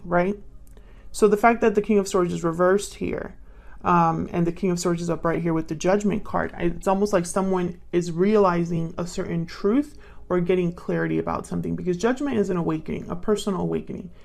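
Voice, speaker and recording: A woman's voice: on the low side, creaky, a little mellow. A woman giving a casual tarot reading, thinking aloud and murmuring questions to the cards as she pulls them. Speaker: tarot reader.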